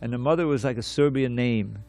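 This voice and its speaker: A man giving a scripture class, telling a story in an animated way, repeating words and restarting his sentences. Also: medium pitch, fairly quick, gravelly, no room sound.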